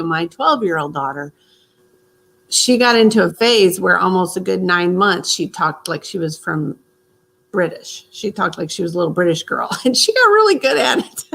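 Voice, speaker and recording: A woman from Missouri hosting a casual group stream, easygoing and quick to laugh. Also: lowish voice, gravelly, fairly bright tone. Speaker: host.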